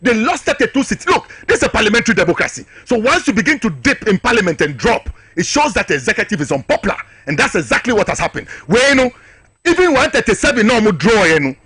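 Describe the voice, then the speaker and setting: Ghanaian guy ranting politics on a talk show, bright husky voice, swings up and down a lot. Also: high-pitched, sing-song, quick pace, no echo, studio quality. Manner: impassioned, hammering rhetorical questions. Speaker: political guest.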